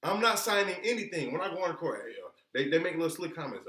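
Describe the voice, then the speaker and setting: A man teaches informally in a quick, expressive voice that is a little high, bright, and forceful, with few pauses. Emphatic and colloquial, he asks rhetorical questions and answers them himself, his words echoing around the room.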